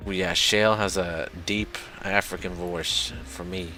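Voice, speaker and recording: A man's voice: low voice, steady tone, a little slow, few pauses, sharp tone, faint music behind. A man streaming a game, chatting casually and self-deprecatingly while reading dialogue aloud.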